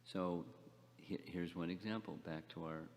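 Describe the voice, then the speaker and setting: An older man giving a scripture class lecture, speaking haltingly, repeating words and asking the class questions. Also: deep voice, steady tone, big-room sound. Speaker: spiritual teacher.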